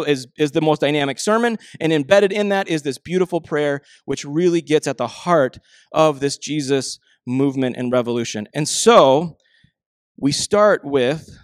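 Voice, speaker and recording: A young man preaches in an easy, conversational way, leaning into family anecdotes and then slowing down softly to land each point. His voice sits a little high for a man. The sound is dry and close, with no room around it. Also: no echo. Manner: conversational storytelling, animated impressions of family; slows and softens for emphasis. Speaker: pastor. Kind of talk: sermon.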